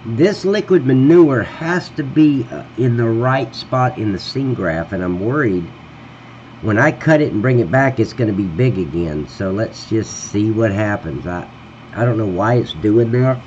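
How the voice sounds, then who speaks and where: Lowish guy streaming a farm game, cusses at it a lot, voice jumps all over, kinda muffled lo-fi mic w faint hum. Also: expressive, a little slow. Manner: swears and grumbles at the game, then talks warmly to chat. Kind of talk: casual live-stream chat while modding a farm game. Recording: dull lo-fi sound with faint hum.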